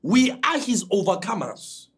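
High husky-voiced man preaching a sermon. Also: sing-song, unhurried, a bit bright. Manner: emphatic preaching with dramatic pitch swings.

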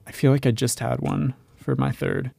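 A man's voice: medium pitch, flat delivery, moderate pace, gravelly, warm tone, slightly rough, no echo. A young man on a podcast, chatting casually and searching for his words. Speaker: podcast co-host. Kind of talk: casual chat.

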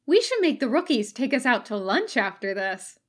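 A woman's voice: on the high side, sing-song, moderate pace. A woman doing a wisecracking young ninja woman. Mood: teasing. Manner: joking, teasing.

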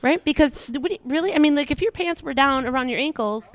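A podcast co-host in casual chat, animated and quick to laugh, riffing with crude jokes. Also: sits high.

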